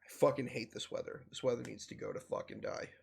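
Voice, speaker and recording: A man's voice: mid-range voice, fast, vocal fry, husky. A man hosting a gaming podcast, telling stories in casual, profane chat. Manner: profane, animated storytelling. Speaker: podcast host.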